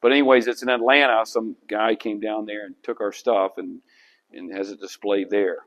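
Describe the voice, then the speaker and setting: A middle-aged historian talks a roundtable through his slides. His voice runs somewhat low, and he tells his material with animated, storytelling energy and plenty of conversational restarts. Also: normal speed. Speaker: historian and author giving a talk. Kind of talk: lecture to a history club with slides.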